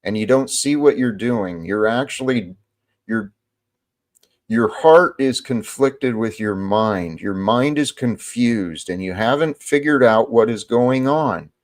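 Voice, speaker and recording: A man hosting a casual online chat, speaking in a measured, scolding way. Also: medium pitch. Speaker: host.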